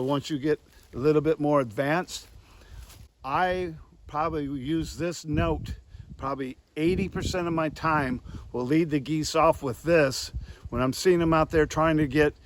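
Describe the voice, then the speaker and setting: A man giving a hands-on lesson on goose calling, speaking plainly and pausing to demonstrate calls. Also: a little high. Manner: plain-spoken, demonstrates calls between explanations. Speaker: goose call instructor.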